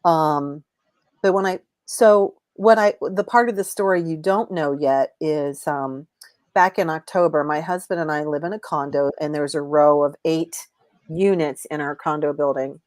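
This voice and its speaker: A woman's low voice, recorded dry and close. She rambles through a casual live chat, breaking off and restarting her sentences. She is a guest and an intuitive reader. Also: steady tone, moderate pace, darkish tone, no echo.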